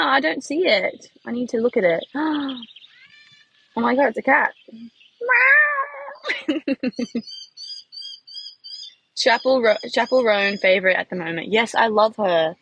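A young woman from Australia with an Australian accent, chatting bubbly and excited on a live stream from her phone in a car. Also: on the high side, gravelly, husky, rough recording. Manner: bubbly, gasping and laughing at gifts, many "like"s. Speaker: livestreamer. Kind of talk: casual live stream chat.

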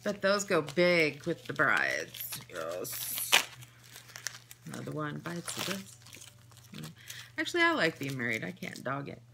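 A woman vlogger chatting casually to camera while unboxing, animated and full of exclamations and asides. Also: deep voice, gravelly, noisy background. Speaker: vlogger unboxing a nail art haul.

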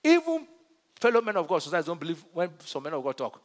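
High, bright-voiced preacher in an echoing hall. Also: male voice, big pitch swings, fast talker. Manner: emphatic preaching with call-and-response questions. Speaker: pastor. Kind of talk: sermon. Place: large church hall. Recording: reverberant church hall.

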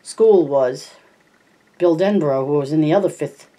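Low-voiced woman reading a novel. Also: normal speed. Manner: steady, plain narration with small slips. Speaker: audiobook reader.

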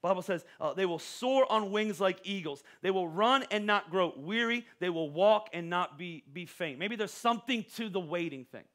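Bright, high-voiced animated pastor. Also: male voice, normal speed, hardly any pauses. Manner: animated, joking preacher with stammering restarts. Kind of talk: sermon. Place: church auditorium.

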